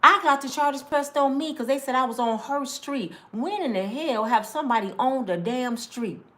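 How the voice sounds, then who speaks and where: A woman's voice: high-pitched, normal speed, a bit bright. A woman, ranting angrily to camera, swearing and repeating herself. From Michigan, US. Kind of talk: angry personal rant.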